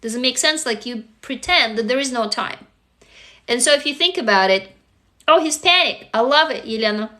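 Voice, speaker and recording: A woman's voice: a little high, lively intonation, moderate pace, pushed and bright. A woman from Russia, a native Russian speaker, earnestly coaching viewers on a live stream and often checking whether they follow. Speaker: livestream host and author. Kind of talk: casual live-stream talk. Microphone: phone.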